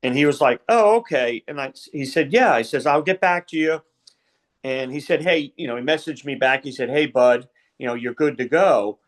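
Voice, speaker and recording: A man's voice: medium pitch, fairly quick, hardly any pauses. A middle-aged man, a wrestling referee, telling stories in a casual interview, rambling with many fillers and retold conversations. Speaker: wrestling referee, podcast guest.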